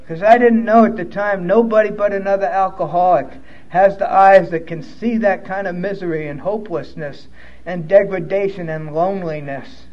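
A high-pitched man recounts his own story in a blunt, profane way that turns emotional. The recording is a little dull and lo-fi, like a modest room capture. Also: moderate pace. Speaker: speaker sharing his recovery story. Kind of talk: personal testimony storytelling.

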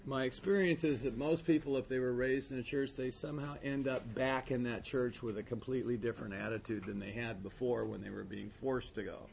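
A man's voice: mid-range voice, steady tone, fairly quick, gravelly, hardly any pauses, darkish tone, a little hiss or hum. A man speaking candidly and conversationally at a recovery meeting, rambling with frequent asides. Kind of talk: personal testimony talk.

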